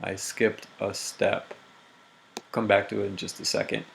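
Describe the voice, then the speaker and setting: Guy teaching grammar on a recorded lesson, kinda low voice, walks through it step by step, keys clacking in the background. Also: monotone, vocal fry, fairly bright tone, slight background noise. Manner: methodical, reads example sentences slowly with emphasis.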